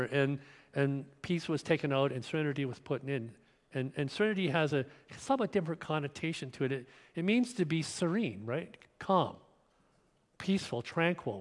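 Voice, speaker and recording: A man preaching a sermon in a church, getting over a cold with an occasional cough, talking conversationally with restarts and questions to the congregation. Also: fairly high pitch. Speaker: pastor. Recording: long reverb of a church hall.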